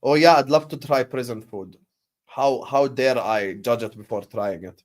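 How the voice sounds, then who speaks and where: A man hosting a football watchalong stream, bantering with chat and breaking into loud bursts when the match heats up. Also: mid-range voice, moderate pace, no echo. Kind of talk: casual live-stream chat with match commentary.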